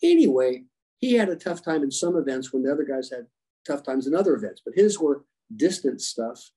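A man with a husky, slightly raised voice tells stories as a podcast guest. His tone is mellow and warm rather than bright. He is animated and slips into the voices of the people he quotes. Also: on the high side, brisk, poor audio. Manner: animated, acts out quoted dialogue. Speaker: guest, leadership coach and former special operations rescuer. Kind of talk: storytelling interview answers. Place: podcast conversation.

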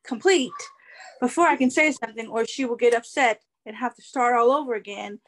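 A woman co-hosting a podcast chat, plain-spoken and matter-of-fact. Her voice sits a touch high. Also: fairly quick, fairly bright tone, low-quality recording. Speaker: podcast co-host. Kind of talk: casual chat.

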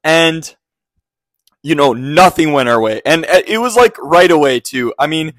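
A man co-hosting a casual sports podcast, his voice partly gone and hoarse, telling a story haltingly with many fillers. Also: on the high side, expressive, a bit bright, dry recording. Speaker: podcast co-host.

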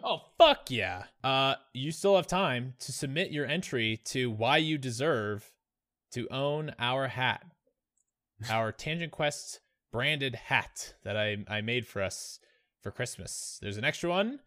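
A man's voice: mid-range voice, animated, slow, fairly bright tone. A man co-hosting a podcast, bantering casually and swearing freely in joking chat. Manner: profane, jokey banter. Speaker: podcast co-host.

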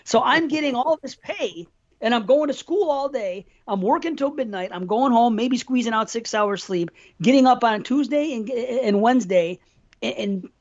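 A man's voice: very high-pitched, expressive, normal speed. Middle-aged guy from upstate new york rambling and swearing through a story, muffled lo-fi podcast sound. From New York State. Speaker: podcast co-host. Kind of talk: casual chat. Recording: dull lo-fi podcast audio.

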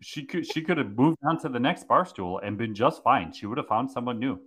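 A man's voice: medium pitch, brisk, fairly bright tone, slightly rough. A man co-hosting a podcast, joining the recap with playful, laughing banter in casual chat. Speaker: podcast co-host.

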